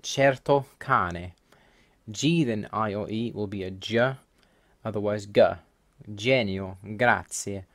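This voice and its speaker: This language-learning host speaks on the low side, though his tone is fairly bright. Over his slides he lists the rules one after another in a methodical way, with a dry, slightly fed-up edge.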